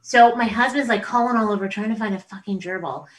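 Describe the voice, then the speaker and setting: A middle-aged woman, a comedian guest, telling a family story in casual podcast chat, animated, swearing freely and acting out voices. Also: mid-range voice, fast talker, recorded from a distance, poor audio.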